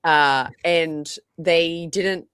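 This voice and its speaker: A woman's voice: low voice, smooth, dry recording, clean studio sound. A woman guest on a podcast, chatting casually and animatedly, with lots of fillers and restarts. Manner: animated, fast, full of likes and restarts.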